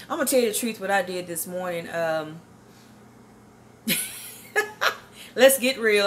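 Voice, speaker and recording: Bright-voiced exuberant middle-aged woman preacher. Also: medium pitch, a little hiss or hum. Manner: exuberant, chatty, laughs often, preacher-like repetition. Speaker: Christian speaker giving a morning testimony. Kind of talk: informal devotional talk.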